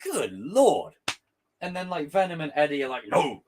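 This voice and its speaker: A man's voice: fairly high pitch, normal speed, a little hiss or hum. Guy on a live stream reading chat, voice jumps all over when he rants, swears freely. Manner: animated, exasperated ranting.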